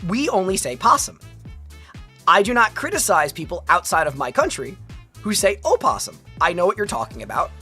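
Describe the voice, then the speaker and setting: A woman's voice: medium pitch, sing-song, normal speed, sharp tone, faint music behind. An American woman streaming, chatting casually and animatedly with many laughs and rambling asides. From United States. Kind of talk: casual livestream chat.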